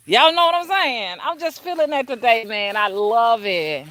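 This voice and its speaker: A woman hosting a spiritual livestream from home on her phone, keeping her voice low and greeting viewers one by one by name. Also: expressive, moderate pace, hardly any pauses, a bit bright, no room sound. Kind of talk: casual livestream chat with viewers.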